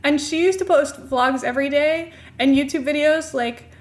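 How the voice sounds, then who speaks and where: A woman's voice: high voice, fairly even intonation, normal speed. A young woman streamer chatting casually, giggling often and poking fun at herself. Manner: giggly, self-mocking, chatty. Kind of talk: casual live-stream commentary.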